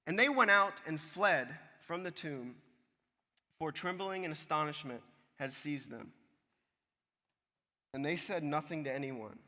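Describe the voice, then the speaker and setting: A man preaching a sermon, reading scripture and retelling it in a casual, animated way, acting out the people in the story. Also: fairly high pitch, big-room sound. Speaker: pastor.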